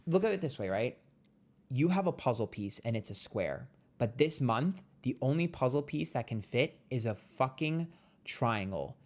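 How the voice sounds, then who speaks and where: A man giving a casual monthly tarot reading, blunt and profane, chatty and playful with sudden jumps in pitch. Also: lively intonation, moderate pace, darkish tone. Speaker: tarot reader.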